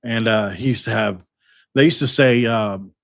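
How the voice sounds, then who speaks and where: A man's voice: on the low side, moderate pace. A man hosting a sports podcast, talking casually and rambling with lots of fillers and restarts.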